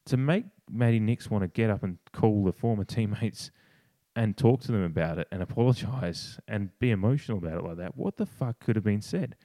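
On a casual podcast, a man co-hosts with brisk, passionate, opinionated talk, swearing and frequently restarting sentences. He does higher-voiced impressions of others, and his dark-toned voice is recorded dry.

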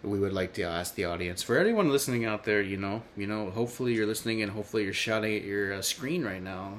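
A man's voice: on the low side, quick pace, a little hiss or hum. An American man hosting a casual comedy podcast, quizzing his co-host in a playful, mock-dramatic way. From United States.

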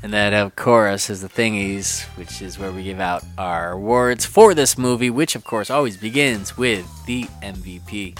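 A man's voice: fairly low pitch, moderate pace, few pauses, faint music behind. A man hosting a casual movie podcast, talking animatedly and slipping into mocking character voices. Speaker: podcast host.

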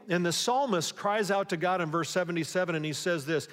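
A man preaching a sermon as pastor, in a conversational way, often pausing to ask the congregation rhetorical questions. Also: high voice, fairly bright tone. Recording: long hall reverb.

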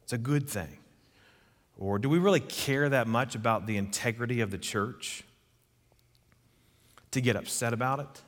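A man's voice: medium pitch, normal speed, long pauses, big-room sound. A man preaching a sermon, earnest and emphatic, putting questions to his listeners. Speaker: pastor.

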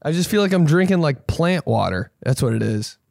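Profane rambling comedian, dry sound. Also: male voice, a little high, expressive, fairly quick, creaky, no room sound. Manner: profane, rambling, jumps into loud mocking voices. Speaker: comedian podcast host. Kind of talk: casual comedic rant.

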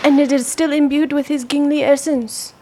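A woman's voice: high-pitched, fairly even intonation, normal speed, dark tone. A woman role-playing a polite, formal character at a tabletop game. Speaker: player.

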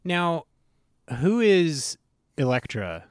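A man's voice: a little high, sing-song, extremely slow, clear, resonant tone, no room sound, clean studio sound. A man hosting a casual podcast chat, reading out listener comments and asking questions. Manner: reads listener comments aloud. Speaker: podcast host.

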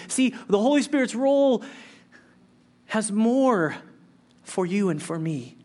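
A high-pitched male pastor delivering a sermon. He talks earnestly and conversationally, often restarting his sentences, and his voice climbs and presses when he drives a point home, then drops low and slow for quiet reflection. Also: lively intonation.

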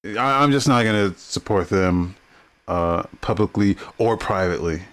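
A man co-hosting a casual podcast, blunt and quick to swear, often stammering on repeated words as he gets heated. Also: on the low side, lively intonation, a bit bright. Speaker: podcast co-host.

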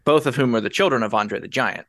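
A man's voice: mid-range voice, fast talker, fairly bright tone, no echo. A man co-hosting a podcast in casual banter, with dry, wry humor. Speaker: podcast co-host.

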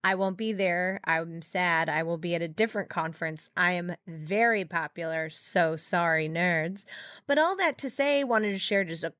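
A woman's voice: on the low side, expressive, a bit bright, no room sound. Playful woman co-hosting a podcast, dry studio sound. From California. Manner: playful, theatrical, quick to laugh. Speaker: podcast co-host. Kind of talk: casual chat.

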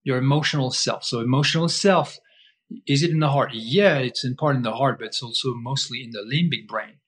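Man, middle pitch, emphatic, repetitive, rhetorical questions, explaining as a guest. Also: brisk, fairly bright tone, slightly rough. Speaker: guest breath-holding teacher. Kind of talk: explaining in conversation.

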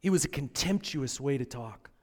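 A pastor with a medium-pitched, animated voice preaches at normal speed in a church auditorium with a long reverb tail. He tells the story dramatically, moving between near-whispered hush and impassioned, rising passages.

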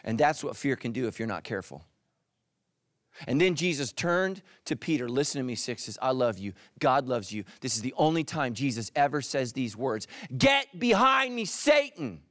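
A middle-aged male pastor preaching a sermon, animated, dropping into soft intense asides. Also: moderate pace, no room sound, studio quality. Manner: animated, voices quoted characters with jumps in pitch.

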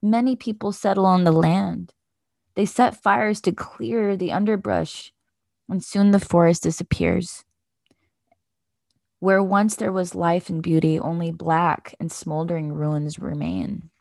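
A woman voicing a squawking toucan in a children's storybook, high and insistent. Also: steady tone, a little slow, gravelly, darkish tone, no echo. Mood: urgent. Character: loud squawking toucan, urgent.

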